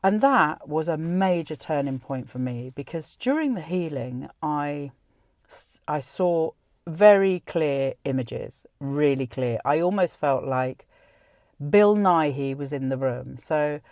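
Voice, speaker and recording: A woman's voice: deep voice, lively intonation, takes it slowly, a little mellow, dry recording, studio quality. Chatty woman telling a story. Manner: chatty, many restarts and quoted dialogue. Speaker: podcast host. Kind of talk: personal storytelling.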